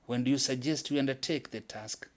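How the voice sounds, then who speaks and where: A man voicing a gullible, slow-witted male leopard in a told folktale, speaking in a measured, purring way. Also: medium pitch, lightly acted. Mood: ponderous.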